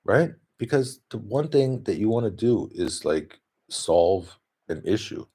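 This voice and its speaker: A man's voice: lowish voice, sing-song, a little slow, warm tone, breathy edge. A man talking in a rambling, casual monologue, often laughing and restarting his sentences. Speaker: vlogger. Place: home, talking to his dog.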